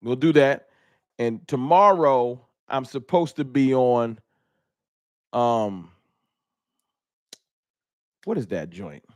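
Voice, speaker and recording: A man's voice: mid-range voice, expressive, slow pace, long pauses, dry recording. A man hosting a fan live stream, chatting casually and animatedly, joking and laughing at his own bits.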